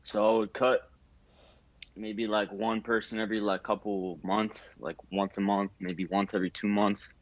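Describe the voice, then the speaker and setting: A young barber talks through his story in a relaxed, casual interview. His voice sits low, full of fillers, and he acts out the voices of people he quotes. The sound is dry and slightly muffled. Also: moderate pace, no echo.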